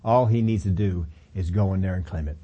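A man's voice: low-pitched, a little fast, breathy edge, highs cut off. A middle-aged male pastor preaching a sermon, telling the story animatedly with acted-out quotes and chuckles.

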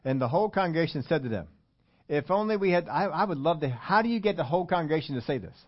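A man gives a sermon in an easy, conversational way and keeps asking his congregation questions. His voice sits on the higher side. The recording sounds a little muffled and lo-fi. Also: expressive, rapid-fire, slightly rough. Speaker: pastor.

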